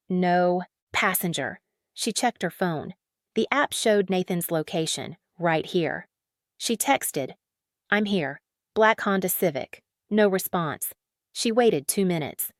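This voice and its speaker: A woman reads a dramatic story in an even, matter-of-fact narration. Her voice sits low, and the sound is dry and close to the mic. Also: no echo.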